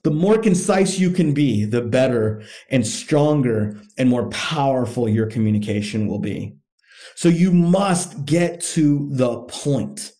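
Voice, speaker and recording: Speaking slowly with a warm, mid-range voice and lively intonation, this men's coach hosts a podcast. His motivational monologue is blunt, emphatic and full of profanity, and he repeats his key points to drive them home.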